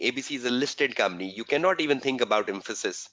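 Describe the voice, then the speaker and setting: Bright-voiced man lecturing a webinar. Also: medium pitch, expressive, fast talker. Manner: repetitive, quizzing rhetorical questions. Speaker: exam tutor. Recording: dull lo-fi webinar audio.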